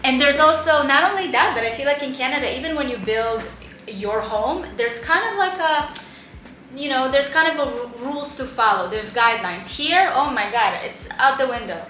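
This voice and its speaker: A woman vlogger eagerly telling a story in casual chat, with bursts of enthusiasm. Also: sits high. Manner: excitable, animated, quick bursts of enthusiasm. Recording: roomy echo, faint background hiss.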